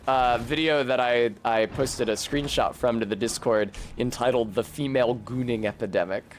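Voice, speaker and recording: A man's voice: mid-range voice, fairly even intonation, moderate pace, hardly any pauses, a little hiss or hum. A man chatting casually and swearing while streaming a video game, often laughing. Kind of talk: casual gameplay commentary.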